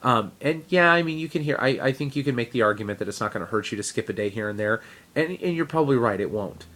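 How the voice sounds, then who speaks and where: A man's voice: medium pitch, animated, fast talker, fairly bright tone. A man, a teacher, talking casually to camera in a fitness video diary, rambling with fillers and self-deprecating asides. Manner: rambling, with frequent fillers and restarts. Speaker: teacher sharing a fitness update.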